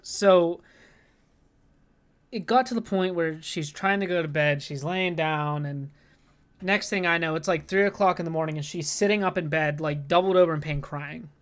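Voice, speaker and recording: A man's voice: a little high, normal speed. A man co-hosting a podcast, telling an anxious story in a rambling, profane way and saying "like" constantly. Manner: rambling, profane, heavy use of "like"; anxious, worked-up retelling. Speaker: podcast co-host. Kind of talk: casual storytelling.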